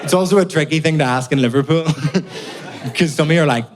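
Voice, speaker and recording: A man's voice: a little high, brisk, a crowd in the background. A man from Belfast with a Belfast accent, a stand-up comedian telling exasperated, sweary stories on stage. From Belfast, Northern Ireland. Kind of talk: live stand-up set.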